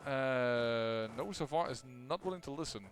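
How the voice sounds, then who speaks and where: A man's voice: mid-range voice, lively intonation, moderate pace, soft background music. A man casually commenting on his own strategy game as he plays, thinking aloud with lots of fillers and restarts. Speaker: gameplay commentator.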